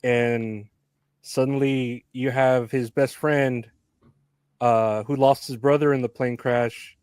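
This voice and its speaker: A man co-hosting a podcast, casually recapping a film with frequent laughs and halting restarts. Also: medium pitch, fairly even intonation, darkish tone, clear, resonant tone, no room sound, clean studio sound. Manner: laid-back, laughs often, halting restarts. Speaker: podcast co-host.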